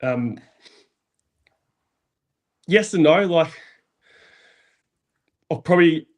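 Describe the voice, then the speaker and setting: A man speaking hesitantly and in a laid-back way as a guest in a casual interview. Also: medium pitch.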